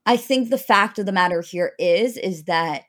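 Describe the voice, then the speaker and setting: A woman co-host talks through her view in a casual chat, weighing each side. Her manner is measured and thoughtful. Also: medium pitch, fairly bright tone. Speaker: podcast co-host.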